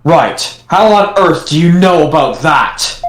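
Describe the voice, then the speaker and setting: A man reading game dialogue aloud in a measured, slightly formal way for a casual fan dub. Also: fairly high pitch, expressive, background noise. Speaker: player voicing game dialogue. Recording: echoey room with game music.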